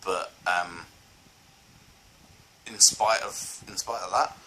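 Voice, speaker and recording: A man's voice: low-pitched, steady tone, slow, sharp tone, breathy edge, rough recording. A man reviewing films in a casual vlog, rambling and enthusiastic, full of fillers and restarts. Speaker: film reviewer.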